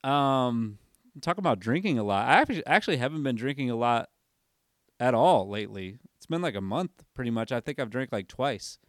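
A man chats on a casual sports podcast in a hyper, rambling way, breaking off to look things up as he talks. His voice is smooth and resonant. It is recorded close and dry, with no room sound. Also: medium pitch, animated, a little fast, no echo. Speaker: podcast host.

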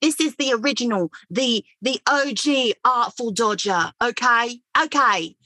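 Woman doing a bright cockney pickpocket kid, cocky, tossed-off patter, dry sound. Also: on the high side, unhurried, dry recording. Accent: Cockney (put on).

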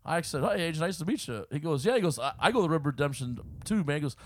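Animated man telling a bar story. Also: on the high side, fast talker. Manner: animated storyteller, acts out quoted people. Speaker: podcast co-host. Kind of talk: casual banter. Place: studio.

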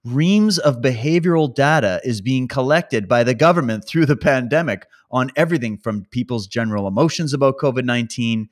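A man's voice: mid-range voice, a little fast, hardly any pauses. A man from Canada hosting a podcast, reading a news article aloud and ranting over it in a sarcastic, mocking way. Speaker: podcast host.

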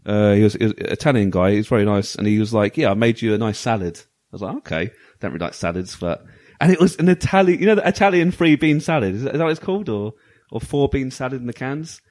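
A man co-hosting a podcast, telling a story in casual chat. He talks quickly and rambles, laughing often. His pitch swings widely as he speaks. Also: animated, darkish tone. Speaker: podcast co-host.

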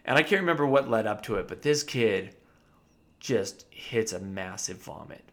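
A dentist telling a funny story from his practice in a casual chat, animated and often laughing. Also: on the low side, moderate pace. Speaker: podcast co-host.

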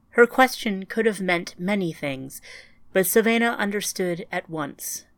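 A woman narrating a scripted audiobook in a quiet, even storytelling manner. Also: fairly low pitch, takes it slowly, no echo.

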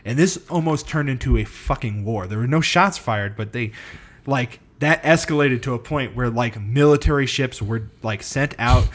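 A man's voice: medium pitch, normal speed. A man co-hosting a casual podcast, explaining a history story with loose fillers and casual swearing. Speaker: podcast co-host presenting a history topic.

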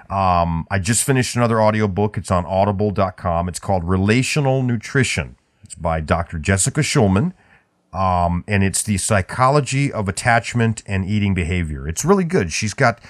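Lively low-voiced man bantering on a podcast. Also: no echo, studio quality. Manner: joking, rambling with many fillers. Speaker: podcast co-host.

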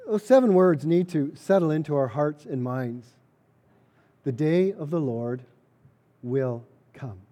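Earnest preaching man, mellow voice. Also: on the high side, expressive, a little slow. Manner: earnest preaching with emphatic repetition. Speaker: pastor. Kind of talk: sermon.

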